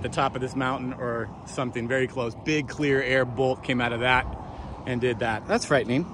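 A man's voice: mid-range voice, fairly even intonation, moderate pace. A man filming a storm chase vlog outdoors, marveling aloud at the sky and sometimes out of breath. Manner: awed exclamations, thinking aloud. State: out of breath at times. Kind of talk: excited outdoor vlog commentary. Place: outdoors on a hillside during a storm. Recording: outdoor camera audio with background noise.

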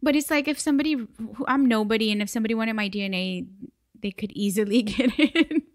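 A woman's voice: fairly high pitch, quick pace, dry recording, studio quality. An American woman co-hosting a podcast in casual chat, laughing often and swearing lightly. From United States. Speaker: podcast co-host.

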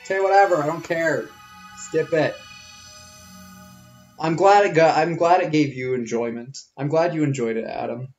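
A man's voice: fairly high pitch, moderate pace, lo-fi sound. A man giving jokey, crude live commentary while streaming a video game. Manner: jokey, crude, animated reactions. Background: game music.

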